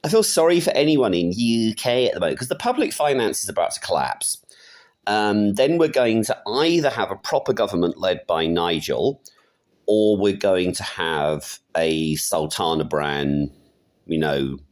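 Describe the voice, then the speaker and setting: A middle-aged man rants his way through a casual political vlog. His pitch swings widely as his tone turns mocking, and he often laughs at his own jokes. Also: animated, normal speed. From United Kingdom. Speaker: political vlogger. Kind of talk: casual ranting monologue.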